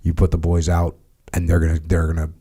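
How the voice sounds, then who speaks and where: An American man with a lowish, dark, mellow voice, speaking steadily and matter-of-factly. He talks in a relaxed podcast conversation and drops in casual fillers as he thinks aloud. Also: fairly quick, husky. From United States. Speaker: former Navy SEAL leader.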